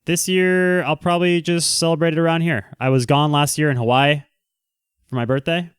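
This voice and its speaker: A man's voice: fairly high pitch, fairly even intonation, normal speed, smooth, dry recording, clean studio sound. A man hosting a casual livestream, reading the chat aloud and answering in a brash, teasing, joking way. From Southern California.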